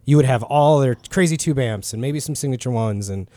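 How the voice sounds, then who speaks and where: A man co-hosting a podcast in relaxed, chatty conversation. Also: medium pitch, fairly quick, no room sound. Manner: relaxed, chatty, laughs often. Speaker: podcast co-host. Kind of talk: casual chat.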